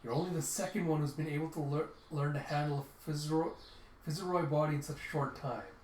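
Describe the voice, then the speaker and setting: A man reading aloud and voicing a scheming old male cyber technician in a gruff, dealmaking way, recorded in a roomy space. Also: a little high, fairly quick, a little hiss or hum, natural voice. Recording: roomy echo.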